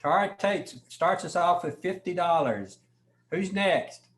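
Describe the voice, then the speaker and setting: A man hosting a convention session over a video call, talking in a relaxed, informal way and often pausing with ums and you-knows. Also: high voice. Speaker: host running a convention session. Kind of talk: casual meeting moderation.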